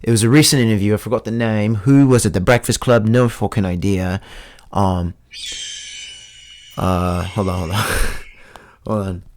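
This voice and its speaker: A man's voice: fairly low pitch, steady tone, moderate pace, pauses often, background noise. Man rambling in a made-up British-Australian accent. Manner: crude, rambling and self-mocking. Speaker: host. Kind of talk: joking solo podcast monologue.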